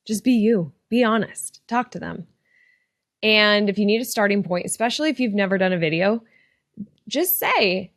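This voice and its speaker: A woman's voice: medium pitch, lively intonation, normal speed, no echo. Woman, podcast host, earnest, encouraging, heartfelt, dry close sound. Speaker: podcast host and retail coach. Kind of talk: casual motivational podcast talk.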